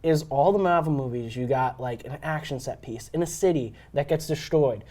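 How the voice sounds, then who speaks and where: Young dude on a podcast, mid-pitched, excited, lots of likes and ums, just chatting about a movie. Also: male voice, moderate pace. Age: young adult. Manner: enthusiastic, filler-heavy with lots of "like" and "um". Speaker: podcast co-host. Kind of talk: casual film discussion chat.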